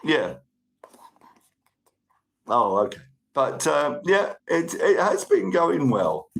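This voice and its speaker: A man from the UK with a British accent, hosting a livestream and chatting casually through viewer comments, upbeat and a bit overexcited, his voice croaky. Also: a little high, sing-song, slow. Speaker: livestream host.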